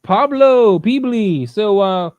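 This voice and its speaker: Man, casual podcast host, joking, slightly high voice, dry sound. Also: expressive, slow pace, darkish tone, no echo, muffled recording. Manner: joking, laid-back, says "man" a lot. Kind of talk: casual group chat.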